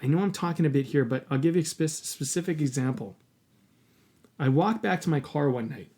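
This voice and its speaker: A man's voice: on the high side, lively intonation, a little fast, warm tone. Earnest, candid man telling a story. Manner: earnest, candid, swears casually. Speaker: podcast host. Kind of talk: casual storytelling in a podcast conversation.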